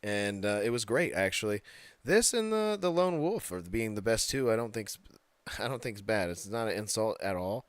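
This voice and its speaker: Low-voiced blunt podcast host. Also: male voice, lively intonation, normal speed, no room sound. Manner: blunt, profane, laughs often. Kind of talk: casual wrestling podcast chat.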